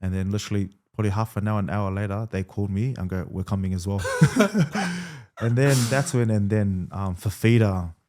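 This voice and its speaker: A man in his thirties, a rugby league player, telling his story in a relaxed interview, full of fillers and quoted dialogue. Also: fairly low pitch, quick pace, few pauses.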